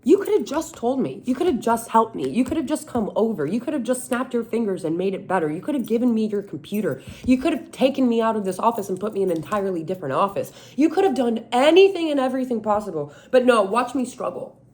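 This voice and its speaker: A woman's voice: a little high, fast, hardly any pauses. Exasperated woman venting. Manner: exasperated, animated, self-mocking. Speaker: vlogger. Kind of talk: casual venting monologue.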